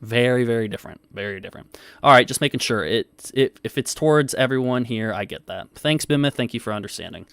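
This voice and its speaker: A man's voice: mid-range voice, expressive, fast, vocal fry, a bit bright, smooth, no echo. A man hosting a livestream, arguing with his chat in casual, profane, defensive talk and reading comments aloud. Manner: defensive, swears often, reads chat aloud. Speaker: livestream host.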